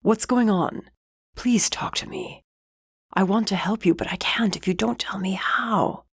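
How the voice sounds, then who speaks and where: A woman doing a gentle, protective husband. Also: medium pitch, unhurried, slightly rough, no echo, in a whisper, studio quality, pitched above the performer's own voice. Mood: tender pleading. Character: protective, tender husband, a grown man.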